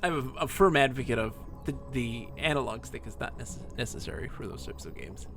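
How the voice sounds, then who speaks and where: Streamer, male, gravelly mid-pitch voice, chatty and rambling, faint game music under. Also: fairly quick. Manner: chatty, rambling, animated asides. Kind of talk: casual storytelling while playing a game.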